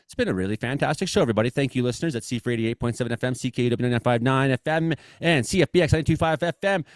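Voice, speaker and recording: A man with an Ottawa Valley accent hosting a live-streamed comedy weather show, joking and swinging between loud lines and mumbled asides. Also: mid-range voice, very fast, no echo.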